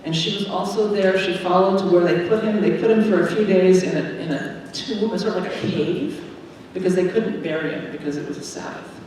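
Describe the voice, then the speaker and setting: A woman minister telling a simple story to children during a church service, in a gentle, plain way. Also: fairly low pitch, a little fast, hardly any pauses, slight background noise. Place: large church sanctuary. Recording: echoey sanctuary from far off.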